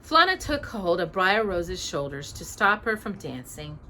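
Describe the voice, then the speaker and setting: Mother reading storybook aloud, lively sing-song rise and fall, bright clear tone, pauses to quiz her child. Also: fairly low pitch, slight background noise. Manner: expressive, stops to ask the child questions.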